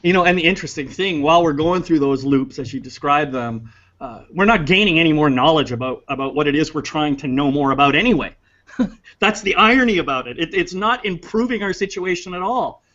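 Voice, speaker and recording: A man co-hosts a relaxed talk, sharing his thoughts in an earnest, reflective way with a slightly high voice. He laughs easily, and the recording sounds dull and lo-fi. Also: brisk. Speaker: co-host. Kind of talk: casual conversation.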